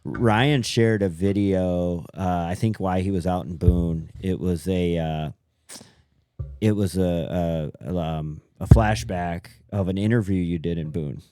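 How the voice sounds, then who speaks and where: A man hosting a podcast in casual chat, laid-back and halting, with many fillers. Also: low-pitched, steady tone, dark tone, clean tone, no echo. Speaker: podcast host.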